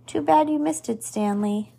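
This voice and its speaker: A woman's voice: high-pitched, moderate pace, gravelly, warm tone, pitched above the performer's own voice. A woman reading aloud as a kindly, playful father who teases his son. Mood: teasing. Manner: teasing, knowing. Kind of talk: storybook read-aloud.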